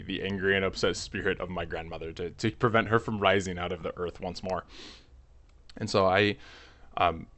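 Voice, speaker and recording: Low-voiced man telling a rambling story. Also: fairly bright tone. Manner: rambling, with many restarts and fillers, nervous. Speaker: channel host. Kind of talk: comic personal storytelling.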